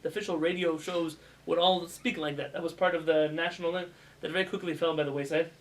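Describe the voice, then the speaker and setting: A man, a rabbi, giving a casual spoken lesson to students, animated and asking them questions as he goes. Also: a little high, quick pace, rough recording. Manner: animated, demonstrates pronunciations with raised voice; asks students questions as he teaches. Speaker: rabbi teaching a class. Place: classroom with students.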